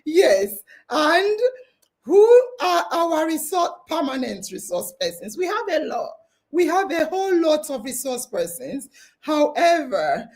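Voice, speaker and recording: A woman hosting a live online hangout, excited and tearful, laughing as she reads out listener comments. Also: extremely high pitch. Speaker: podcast host.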